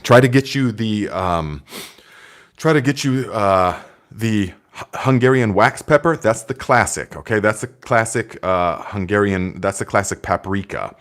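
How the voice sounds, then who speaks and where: A man hosting a live gardening stream, reading out viewer comments in a relaxed, chatty way with many fillers and restarts. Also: on the low side, a little slow. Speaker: gardening channel host.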